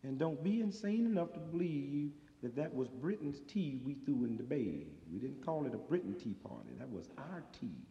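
A man's voice: medium pitch, very animated, normal speed, hardly any pauses, mellow. A man doing a streetwise, sardonic stand-up routine that swells into emphatic outbursts, on an old live recording. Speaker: stand-up comedian. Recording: old live recording in a reverberant hall, dull sound.

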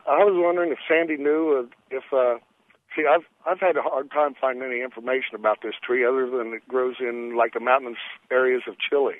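A man's voice: medium pitch, steady tone, brisk, no room sound. A man calling in to a radio show with an earnest, rambling question, full of restarts. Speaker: caller. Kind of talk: phone-in question. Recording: tinny phone line.

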